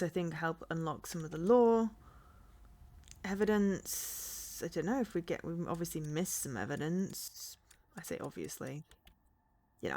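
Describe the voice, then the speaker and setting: A woman streamer casually commenting on a game, thinking aloud and reading on-screen text. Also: sits low.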